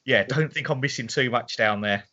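A man's voice: medium pitch, moderate pace, bright, forceful tone. Male podcast co-host, light wry delivery, over a dull lo-fi remote line. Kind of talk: casual podcast chat.

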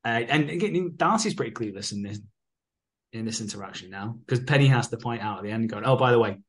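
A man's voice: fairly low pitch, expressive, brisk. Sweary man recapping a soap. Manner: laid-back, sweary, acts out characters' lines. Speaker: podcast co-host. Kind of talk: casual recap chat.

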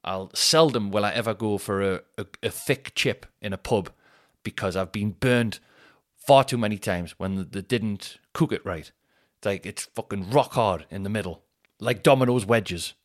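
A man's voice: lowish voice, normal speed. A young man, a comedian hosting his podcast, rambling through a sweary, self-mocking monologue full of tangents.

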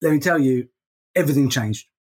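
Middle-aged man, husky podcast co-host, earnest and a bit halting. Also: medium pitch, a little mellow. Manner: earnest, repeats words when emphatic. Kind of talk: casual podcast chat.

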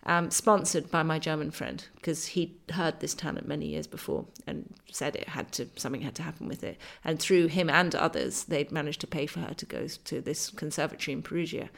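Lively woman telling a travel story. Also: deep voice, fairly quick, gravelly, hardly any pauses. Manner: vivid and enthusiastic, with many fillers and restarts. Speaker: author and travel writer, interview guest. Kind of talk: conversational storytelling.

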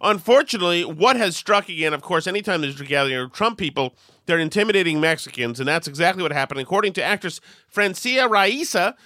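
A man hosting a political talk show, sarcastic and mocking, with quick asides and laughs. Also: sits high, lively intonation, sharp tone, no echo, clean studio sound. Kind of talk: casual commentary.

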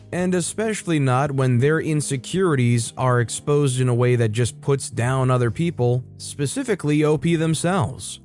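A man's voice: medium pitch, darkish tone. A man hosting a channel, reading online stories aloud and adding his own conversational, wry commentary between them.

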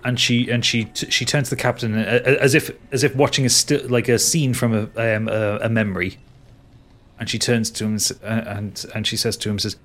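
A man's voice: mid-range voice, fairly even intonation, brisk, a bit bright. A man narrating as game master of a tabletop game, talking with frequent hesitations. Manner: hesitant, many fillers and restarts.

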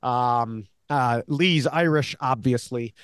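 Here a man who co-hosts a podcast and has long analyzed the show goes over episodes in relaxed conversation, with many fillers and restarts. He talks slowly in a smooth, mid-range voice that's a bit bright, and there's no echo.

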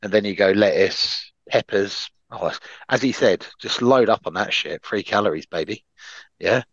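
A man co-hosting a casual podcast, bantering and pitching ideas with plenty of swearing. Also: normal speed, dry recording, highs cut off. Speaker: podcast co-host.

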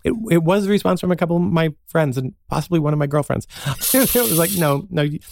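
A man's voice: on the high side, fast, creaky, darkish tone, no room sound. A man, a guest playwright and actor, telling stories in casual chat, acting out quotes from his family and laughing often.

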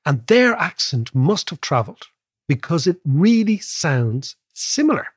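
Irish male podcast co-host, husky, fast and animated, dry close mic. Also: fairly high pitch, no room sound. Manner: animated, quick storyteller, keeps asking "right?". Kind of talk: casual chat.

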